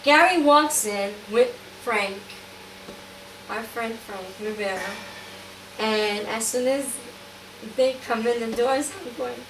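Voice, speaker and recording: A woman telling a personal church testimony in an animated way, acting out what people said. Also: fairly high pitch, takes it slowly. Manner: animated storytelling, acting out quotes. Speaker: church member giving testimony. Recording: echoey room, far from mic, noisy.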